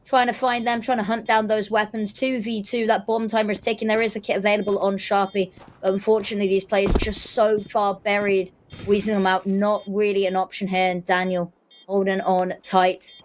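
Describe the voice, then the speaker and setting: A British woman giving live play-by-play commentary on a competitive shooter match in a quick, lively, self-deprecating way. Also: medium pitch. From United Kingdom. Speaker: esports caster. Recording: noisy, with game gunfire behind. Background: game gunfire and clicks.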